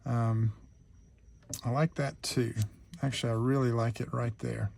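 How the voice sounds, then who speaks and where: A man's voice: mid-range voice, little pitch movement, a little slow, vocal fry, darkish tone. A man hosting a real-time craft tutorial, chatting easygoing as he thinks aloud through each step.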